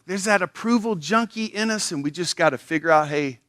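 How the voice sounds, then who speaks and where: A man's voice: high voice, fairly quick, dry recording, clean studio sound. A man preaching a sermon at a church, acting out little everyday skits with a voice that jumps up when he plays them. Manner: animated, acts out little skits with rising voice. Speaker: pastor.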